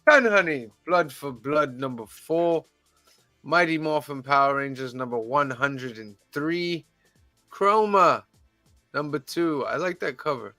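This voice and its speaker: A man hosting a casual podcast, reading titles off a list in a measured, deadpan way with wry asides. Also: a little high, no echo, faint music behind. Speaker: podcast host reading the weekly release list.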